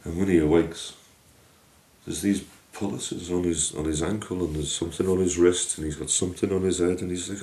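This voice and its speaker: A man telling a folk tale in a lively, homely storytelling way. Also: deep voice, fairly quick. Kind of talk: storytelling narration. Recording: echoey room, distant mic.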